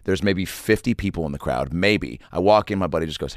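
Lowish-voiced male comic host. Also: a little fast, no echo, studio quality. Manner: animated storyteller, slips into voices. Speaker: podcast host and comedian. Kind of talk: casual chat, storytelling.

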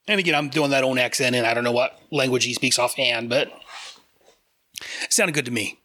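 A man's voice: medium pitch, steady tone, brisk, sharp tone, dry recording, clean studio sound. A man hosting a casual comic review chat, enthusiastic and rambling, with frequent fillers. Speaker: podcast host reviewing comics.

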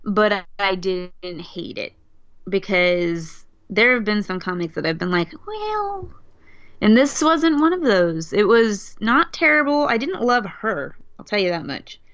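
A woman's voice: mid-range voice, lively intonation, measured pace, a bit bright, clean tone. A woman co-hosting a casual podcast about comics, blunt and playful in her opinions. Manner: playful, blunt, acts out quotes. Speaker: podcast co-host. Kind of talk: casual comic book review chat. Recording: dull lo-fi sound.

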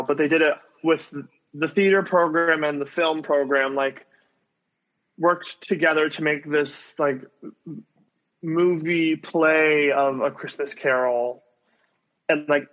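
A man's voice: a little high, fairly bright tone. A young man rambling through a story on a video call, with constant "like" fillers and restarts. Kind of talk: casual video call chat. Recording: dull lo-fi call audio.

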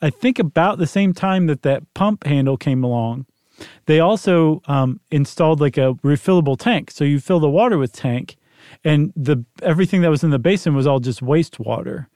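A man co-hosts a casual podcast. His voice is rather high but warm and dark. He explains things in a playful, wry, rambling way, and the sound is dry and close. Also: moderate pace, dry recording. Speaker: podcast co-host. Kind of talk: casual chat.

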